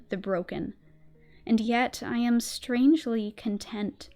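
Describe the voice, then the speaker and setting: A woman streamer doing a whispered role-play reading of a spooky story in a soft, slow ASMR-style voice. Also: medium pitch.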